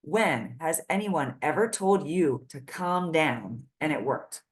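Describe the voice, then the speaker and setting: A woman therapist giving an educational talk to parents, speaking in a direct, lively and conversational way. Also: low voice, takes it slowly.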